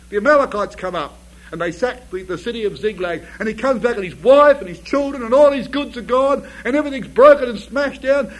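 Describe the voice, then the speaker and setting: High-voiced man preaching a sermon. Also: low-quality recording. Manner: storytelling with rhetorical questions, builds to emphatic bursts.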